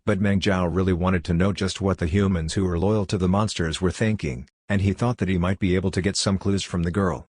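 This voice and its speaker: Audiobook narrator, male, low voice, dry and close. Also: no echo. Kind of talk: scripted narration.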